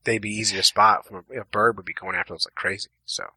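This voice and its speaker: A man's voice: lowish voice, fast talker, breathy edge, no room sound. A man co-hosting a casual podcast, joking and telling stories, acting out what others said. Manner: jokey, animated storytelling, acts out quotes. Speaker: podcast co-host.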